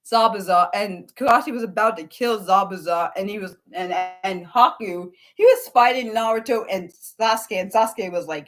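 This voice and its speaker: Woman in her thirties, casual livestream host; excitable, profane, rambling, with sudden high-pitched outbursts. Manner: animated, swears freely, rambles with restarts. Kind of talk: casual unscripted livestream chat.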